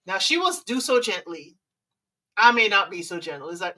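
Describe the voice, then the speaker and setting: A woman's voice: mid-range voice, expressive, normal speed, sharp tone, distant mic. A woman hosting a live stream, giving relationship advice in a sassy way and humming disapproving mm-mm sounds. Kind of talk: casual live commentary.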